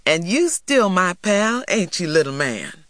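A man's voice: high voice, sing-song, unhurried, fairly bright tone, dry recording, clean studio sound, pitched above the performer's own voice, full character voice. A man reading a storybook aloud and voicing a cocky, shifty young boy who talks his way around the truth in a rural Southern dialect. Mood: wheedling.

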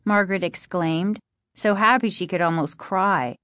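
A woman's voice: lowish voice, normal speed, no room sound, clean studio sound. Woman narrating a storybook. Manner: steady, even storytelling. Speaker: audiobook narrator. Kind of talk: scripted narration.

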